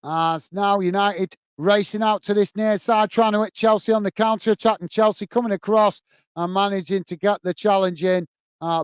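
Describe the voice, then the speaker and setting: An Englishman with a smooth, high-pitched voice hosts a live football watch-along from home, commentating on the match, chatting with viewers and laughing often. The recording is dry.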